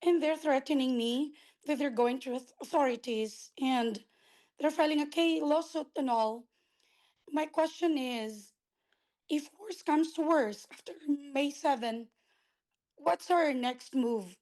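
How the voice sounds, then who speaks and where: A woman's voice: high-pitched, unhurried, a little mellow. A woman from California who is losing her voice asks worried questions over a video call. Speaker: caller with a question.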